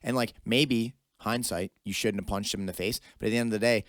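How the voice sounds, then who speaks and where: A man's voice: on the low side, fairly even intonation, fairly quick, no room sound, studio quality. A man hosting a podcast, giving emphatic, opinionated commentary in casual talk. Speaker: podcast host. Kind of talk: casual conversation.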